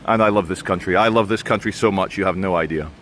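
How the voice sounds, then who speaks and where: This vlogger, from Brazil but brought up British, speaks in a deep, fairly bright voice at a quick pace as he walks through a town. His casual chat is rambling and opinionated with self-corrections, and outdoor street noise is audible.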